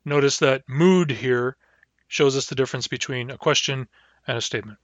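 A man teaching a language lesson, saying each word slowly and then repeating it. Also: mid-range voice, dry recording, highs cut off. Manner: slow, deliberate, repeats each word twice.

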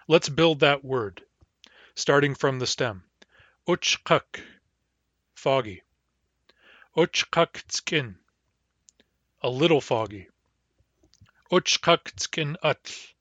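A man gives a patient language lesson, breaking words into parts and repeating them slowly. His recording sounds a little muffled and lo-fi. The sound is dry, with no room echo. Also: medium pitch, a bit bright. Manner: patient, explains step by step, slows down to model words. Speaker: language teacher.

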